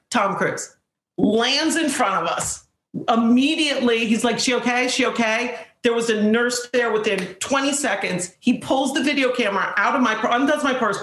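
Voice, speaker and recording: A woman guest telling a lively anecdote in casual talk, acting out the people she quotes. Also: on the high side, roomy sound. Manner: animated storyteller, acts out quotes.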